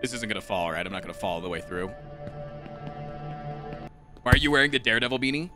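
A young man streaming a game live, talking to his chat in an excitable, profane, rambling way. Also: on the low side, fast talker, music in the background. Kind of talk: casual live-stream commentary.

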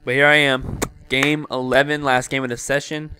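A man's voice: mid-range voice, little pitch movement, normal speed. A young man giving live gameplay commentary, swearing often and breaking into frustrated outbursts.

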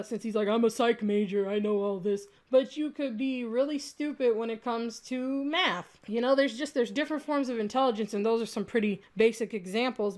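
A young woman hits back at a critic in a heated, sarcastic vlog rant, swearing freely. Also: fairly high pitch. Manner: indignant, profane, sarcastic. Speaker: YouTuber responding to a critic. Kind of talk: heated rebuttal rant to camera.

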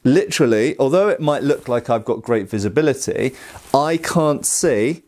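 A man's voice: medium pitch, animated, moderate pace, darkish tone. Chatty middle-aged Englishman explaining. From England. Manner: chatty and digressive, with lots of ums and uhs. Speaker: host. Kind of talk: casual educational talk.

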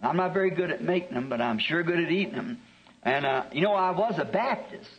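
A man's voice: on the high side, animated, fairly quick. A man, a preacher telling a homespun story in a sermon, chuckling through his anecdotes. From American South. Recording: dull lo-fi archive tape.

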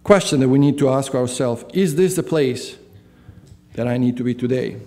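A man's voice: medium pitch, moderate pace, mellow. A man preaching a sermon as pastor in a church. He asks the congregation questions and then answers them himself. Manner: answers his own questions.

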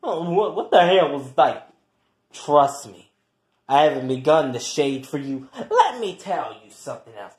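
A performer in an improvised comic quarrel, trash-talking and taunting with heavy swearing and swinging between loud jeers and low mutters. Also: animated, a little slow, reverberant. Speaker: comedy skit performer.

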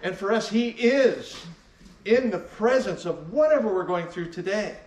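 A man's voice: high voice, roomy sound, far from the mic, poor audio. A man preaching a sermon as pastor, emphatic and repeating key phrases for weight. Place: church sanctuary.

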